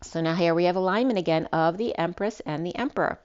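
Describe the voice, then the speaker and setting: Lower-voiced woman giving a rambling tarot reading. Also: fast, a little mellow, clean tone, dull audio. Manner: rambling, with frequent restarts and ums. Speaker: tarot reader. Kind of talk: spiritual tarot reading monologue.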